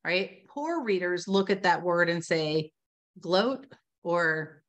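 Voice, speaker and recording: A chatty woman on a video call, her voice sitting on the lower side. She talks in an animated, storytelling way, peppered with fillers. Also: unhurried. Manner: chatty, lots of "you know" and "like", animated storytelling. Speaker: reading instruction expert. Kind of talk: casual webinar conversation.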